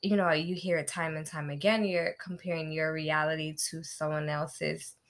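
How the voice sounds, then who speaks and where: Woman, podcast co-host, casual chat, earnest, encouraging, touch of vocal fry. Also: low-pitched, little pitch movement, normal speed. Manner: earnest, encouraging, laughs easily.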